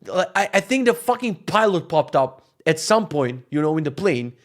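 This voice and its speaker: A man's voice: a little high, moderate pace. Joking, profane man telling stories. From Macedonia. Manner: profane, joking, animated storytelling. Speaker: vlogger. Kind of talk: casual monologue.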